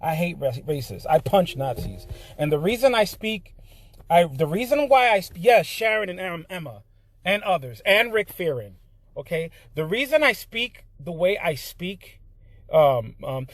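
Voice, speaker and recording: A man's voice: high-pitched, big pitch swings, measured pace, no room sound. A man talking casually straight into the camera, with lots of "you know" fillers, building into a heated rant. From Puerto Rican heritage. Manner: frequent fillers, grows heated and loud. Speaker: vlogger.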